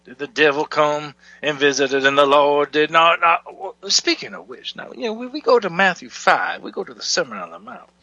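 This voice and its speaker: A man playing a bombastic fire-and-brimstone televangelist pastor in a parody sermon, preachy and booming. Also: expressive, normal speed, hardly any pauses, sharp tone, no echo, highs cut off. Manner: preachy, booming, asks for donations. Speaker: comic radio preacher.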